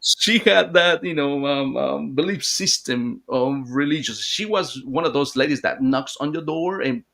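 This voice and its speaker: A man guesting on an interview, telling a long story in a halting, rambling way with many restarts. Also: mid-range voice, vocal fry, a bit bright. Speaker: hypnotherapist guest.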